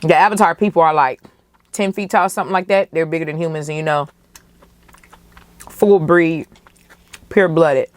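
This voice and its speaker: Podcast host, young woman, low voice, passionate casual movie reaction. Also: normal speed, long pauses, no room sound. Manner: animated, emotional, profane, slangy.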